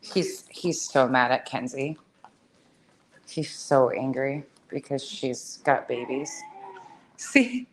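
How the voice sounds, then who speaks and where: Low-pitched lady rambling bout her cats at home, blunt, swears a lot, bit of hiss behind. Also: takes it slowly, long pauses, low-quality recording. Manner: chatty, blunt, swears freely. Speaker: cat owner vlogger. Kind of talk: casual chat to camera. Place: home, indoors.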